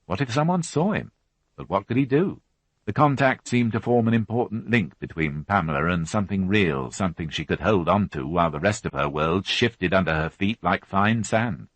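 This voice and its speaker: A man narrating a crime novel as an audiobook reader, unhurried and even. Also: deep voice, no room sound. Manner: even, unhurried reading with voiced characters. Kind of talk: scripted narration.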